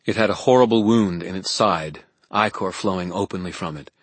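A man narrating a fantasy audiobook in a steady, dramatic storytelling manner. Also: sits low, brisk, slightly rough, no room sound.

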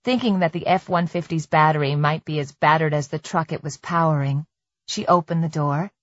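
Low-voiced woman narrating a novel. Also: no echo. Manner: measured, even storytelling. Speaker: audiobook narrator. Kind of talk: scripted narration. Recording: dry, slightly muffled recording.

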